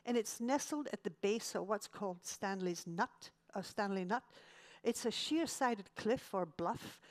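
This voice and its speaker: A woman talks through a slide-show travel lecture at a medium pitch. She keeps it chatty and slips in dry jokes at her own expense. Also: darkish tone. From Scotland.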